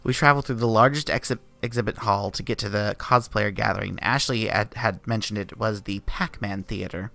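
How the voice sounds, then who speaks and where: A man streaming himself reading a visual novel aloud, narrating with relaxed, self-aware asides. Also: fairly low pitch, brisk, creaky, few pauses.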